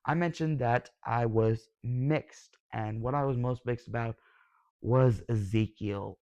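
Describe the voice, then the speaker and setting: A young man giving a casual, excitable review as a video host, gushing and sometimes yelling. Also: medium pitch, takes it slowly, dry recording, muffled recording. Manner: excitable, gushing, yells when thrilled. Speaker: YouTube reviewer.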